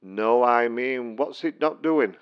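A man's voice: medium pitch, slow, clean tone, lo-fi sound. Patronizing help desk man. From Stocksbridge, England. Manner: polite, patronizing, dry. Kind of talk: comic sketch acting.

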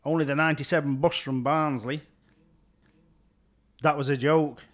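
A man's voice: a little high, fairly even intonation, normal speed, fairly bright tone. A man playing a grumpy, sarcastic caller who keeps losing his temper with a help desk. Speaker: exasperated caller. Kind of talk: comic sketch acting.

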